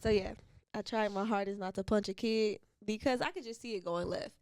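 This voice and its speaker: A young woman co-hosting a podcast, telling a story in casual chat and acting out quotes in high voices, swearing freely. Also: brisk, a little mellow, dry recording. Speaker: podcast co-host.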